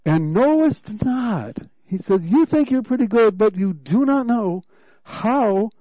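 A man preaching a sermon, teaching from scripture verse by verse and reading passages aloud, with animated bursts when he voices what God is saying. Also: sits high, slow, no room sound, muffled recording.

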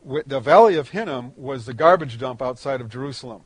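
A man preaching a sermon, explaining a Bible passage verse by verse in a conversational way, rising in pitch and volume on emphatic points. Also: animated, brisk, slightly rough, dry recording.

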